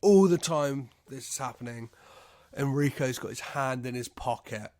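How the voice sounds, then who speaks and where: A man hosting a podcast, casually recapping a film's plot in a halting way, swearing and acting out the characters' lines. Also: medium pitch, darkish tone, dry recording. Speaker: podcast host.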